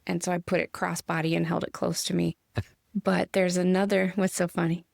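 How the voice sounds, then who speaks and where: Middle-aged midwestern lady chatting on a spirit podcast, low gravelly voice, dry close sound. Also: level tone, a little fast, dry recording. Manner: chatty storyteller, laughs easily. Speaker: podcast co-host. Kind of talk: casual spiritual chat.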